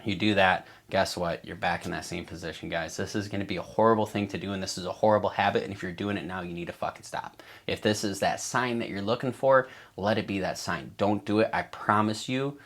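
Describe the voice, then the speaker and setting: Deep-voiced man coaching with blunt emphasis. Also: a little fast, hardly any pauses, a bit bright. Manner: emphatic and repetitive, swears, acts out a trader's inner voice. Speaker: trading coach. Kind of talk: casual coaching monologue.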